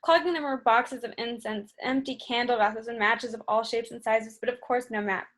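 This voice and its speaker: A woman narrates a novel for an audiobook, her voice sitting a touch higher than most. She reads at a steady, brisk clip. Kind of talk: scripted narration.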